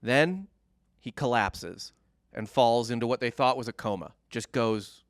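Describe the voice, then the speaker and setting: A man's voice: medium pitch, unhurried, dry recording, clean studio sound. Man casually retelling history. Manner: joking, loose, swears casually. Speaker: podcast host, storyteller. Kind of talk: casual comedic history podcast narration.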